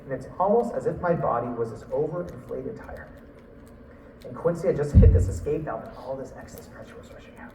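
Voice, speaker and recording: A man telling a story in a talk, lively, acting out what people said. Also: medium pitch, moderate pace, pauses often, reverberant, far from the mic, noisy background. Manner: animated, acts out quotes and laughs. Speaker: speaker.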